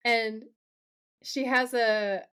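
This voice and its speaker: Recapping a TV episode on her podcast, a woman partly raised in America is animated and playful, acting out quoted dialogue as she retells scenes. Her voice is smooth and on the high side, and she talks very slowly.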